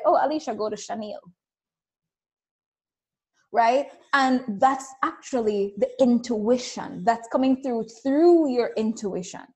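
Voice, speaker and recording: Woman, fairly high voice, lively storytelling, motivational coach, casual. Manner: animated storytelling, acts out quoted voices. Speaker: spiritual business coach.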